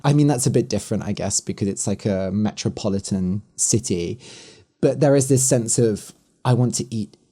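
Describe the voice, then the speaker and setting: A man's voice: fairly low pitch, gravelly, mellow. A man from the West Country with a Southern Standard British English accent. He hosts a podcast, explaining things to English learners in a chatty, frank way with many fillers. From West Country, England. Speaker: podcast host.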